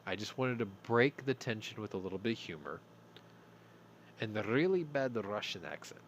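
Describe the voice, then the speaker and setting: A man's voice: lowish voice, expressive, moderate pace, a little hiss or hum. A middle-aged man hosting a live-stream news talk show, casual and rambling, swearing freely. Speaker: host.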